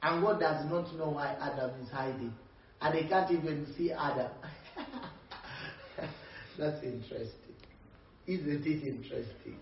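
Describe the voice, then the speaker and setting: A man's voice: fairly high pitch, a little slow, long pauses, slight background noise. A male preacher delivering a sermon, checking in with his listeners and laughing between points. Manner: animated, calls out to the congregation, laughs between points. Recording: dull, echoey, distant mic.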